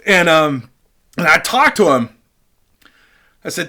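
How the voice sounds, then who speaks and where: A man's voice: a little high, very animated, slow, bright, forceful tone. A man casually telling a rambling, profane story straight to his webcam, with lots of fillers. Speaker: vlogger. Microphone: webcam picking up the mic closely.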